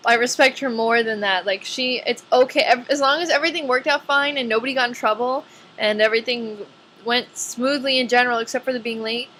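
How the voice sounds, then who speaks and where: Young woman vlogger, nineteen, casual and chatty, bright tone, light background noise. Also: a little high, brisk. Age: young adult. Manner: chatty, says "like" a lot. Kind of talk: casual chat to camera.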